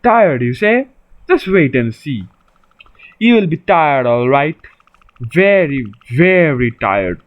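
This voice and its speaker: A man voicing an ominous talking stone statue in a game, drawing out his threats slowly. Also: on the high side, very animated. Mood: menacing. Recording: dull lo-fi recording.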